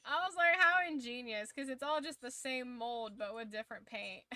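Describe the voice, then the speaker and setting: Young woman streamer, bright sharp voice a bit high, casual chat w/ swearing. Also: expressive, normal speed, dry recording. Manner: chatty, swearing, reacting to chat. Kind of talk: casual watch-along chat.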